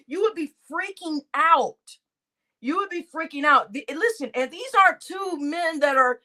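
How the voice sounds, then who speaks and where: High, lively woman vlogger. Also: measured pace. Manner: animated, slangy storytelling with frequent laughter. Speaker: vlogger reacting to news. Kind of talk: casual commentary.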